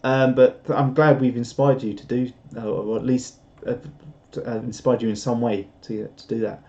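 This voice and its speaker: A man's voice: mid-range voice, little pitch movement, moderate pace, gravelly, a little mellow. A man chatting casually on a live stream, rambling and self-deprecating as he reads out viewer comments. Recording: dull lo-fi stream audio.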